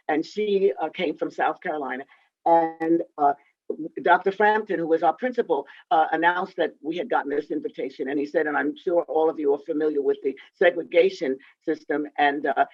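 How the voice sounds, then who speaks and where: A woman in her eighties telling a story from her youth in a halting way, with many restarts and fillers. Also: deep voice. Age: 80s. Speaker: interviewed composer and pianist. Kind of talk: reminiscing storytelling. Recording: dull, dry lo-fi sound.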